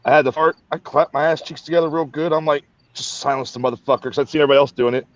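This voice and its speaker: A man in a casual chat, telling crude, animated stories about army life. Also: on the high side, rapid-fire, no room sound, highs cut off. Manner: crude, lively storytelling.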